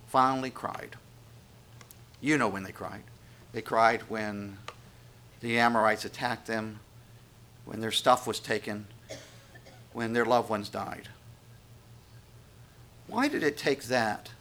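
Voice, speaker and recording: A man pastor preaching a sermon, reading scripture and swinging from quiet, intimate passages to loud, raised appeals. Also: fairly low pitch, a little slow, long pauses, a little hiss or hum.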